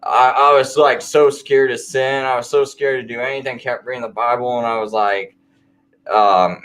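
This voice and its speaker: A man's voice: mid-range voice, moderate pace, a bit bright. Rambling man telling a faith story. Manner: rambling, filler-heavy storytelling. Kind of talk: casual late-night conversation.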